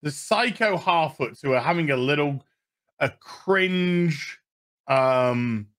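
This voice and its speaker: A man's voice: fairly high pitch, expressive, slow pace, fairly bright tone. A man with a Yorkshire accent ranting sarcastically through a TV episode review, swearing often. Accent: Yorkshire English. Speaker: TV review vlogger.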